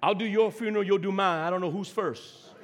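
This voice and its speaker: Preacher, male, high voice, big swings from shouts to hushes, long hall reverb. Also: a little fast. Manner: preaching with wide swings from shouting to near whisper. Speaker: pastor. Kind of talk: sermon.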